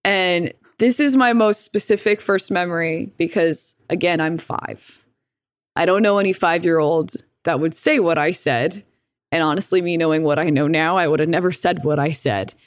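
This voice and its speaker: A woman's voice: on the low side, normal speed, dry recording, studio quality. A woman telling a story in a casual, rambling way, swearing freely and acting out the voices she quotes. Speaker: guest.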